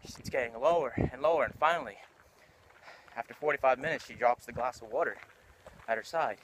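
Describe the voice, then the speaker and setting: A man's voice: mid-range voice, fairly quick, fairly bright tone, slight background noise, poor audio. A man giving a motivational monologue as a vlogger, speaking emphatically and repeating phrases for effect.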